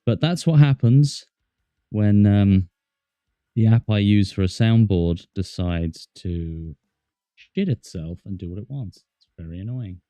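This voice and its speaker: A man's voice: on the low side, unhurried, warm tone, dry recording. A man chatting casually to his viewers while he plays a game on a livestream, jokey and talking to himself. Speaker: streamer. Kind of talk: casual gaming livestream chat.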